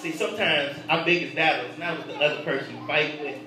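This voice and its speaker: A man preaching a sermon, telling a personal story with laughter and swinging between hushed and loud delivery. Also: fairly high pitch, fast talker, very echoey, distant mic, background noise.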